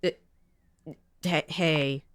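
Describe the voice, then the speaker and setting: A woman's voice: low-pitched, fairly even intonation, drawn-out words, clean tone, no room sound, studio quality. A woman streamer giving casual gaming commentary, laughing often and stammering as she reacts. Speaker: let's play streamer.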